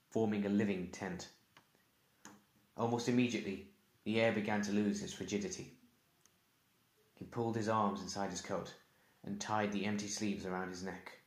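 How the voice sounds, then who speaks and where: A man narrating a fantasy audiobook in a measured, steady storytelling manner, recorded at home. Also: on the low side. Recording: echoey room.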